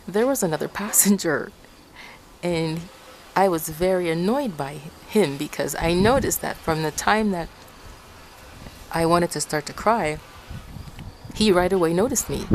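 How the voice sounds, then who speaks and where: A woman's voice: lowish voice, a little mellow, a little hiss or hum, rough recording. A woman from Ecuador telling a personal story to her viewers in a rambling, repetitive way, often calling out to them. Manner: rambling, repeats herself, often addresses viewers as guys. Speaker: vlogger.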